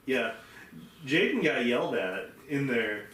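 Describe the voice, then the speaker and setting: A man's voice: medium pitch, animated, unhurried, fairly bright tone. A man co-hosting a casual podcast, telling a story with lots of fillers and restarts. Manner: rambling, many fillers and restarts, acts out quoted people. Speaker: podcast co-host. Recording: roomy, from far off the mic, faint hiss.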